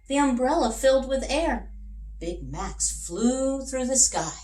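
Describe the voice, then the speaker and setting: A woman teacher reads a picture book aloud to young children, her voice rising and falling with plenty of lively expression. She takes an unhurried pace, and the room around her sounds echoey. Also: fairly high pitch. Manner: animated storybook reading. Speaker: middle school teacher.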